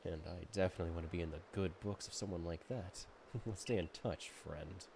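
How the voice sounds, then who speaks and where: A man reading out a soft, smooth-talking flatterer. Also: background noise. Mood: smooth, ingratiating. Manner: soft, low, drawn-out reading of game dialogue. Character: smooth, flattering young male game character. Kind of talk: reading game dialogue aloud.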